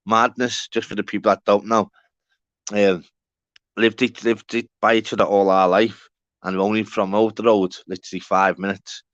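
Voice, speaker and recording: A man's voice: lowish voice, level tone, normal speed, fairly bright tone, dry recording. Matey Scouse man on a lo-fi stream. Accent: Liverpool (Scouse). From Walton, Liverpool, England. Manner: rambling and matey, swears, calls viewers by name. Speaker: live stream host. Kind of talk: casual live-stream chat to viewers.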